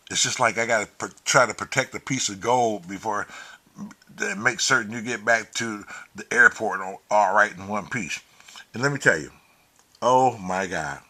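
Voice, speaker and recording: A man hosting a show, telling a story in a profane, animated way and acting out the quotes. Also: lowish voice, normal speed. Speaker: host. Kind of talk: casual storytelling.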